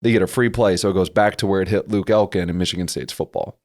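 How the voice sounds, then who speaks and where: A man's voice: low-pitched, steady tone, fast. A young man co-hosting a casual sports podcast, patiently explaining football plays and rules. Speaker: podcast co-host.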